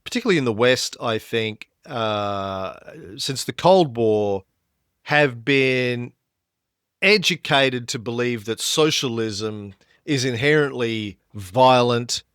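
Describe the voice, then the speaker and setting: A man's voice: takes it slowly, clear, resonant tone, no echo. A man co-hosting a history podcast, his mid-range voice jumping up when he leans into a point. The sound is dry and close, with no room around it. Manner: lively storytelling, rises in pitch when emphatic. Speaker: podcast co-host.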